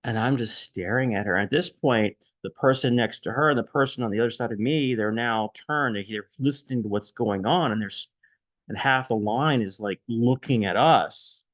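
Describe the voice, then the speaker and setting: A man telling a personal story in a casual, emotional way, growing quieter and more shaken. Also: mid-range voice, normal speed, no echo. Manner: emotional, increasingly hushed, shaken.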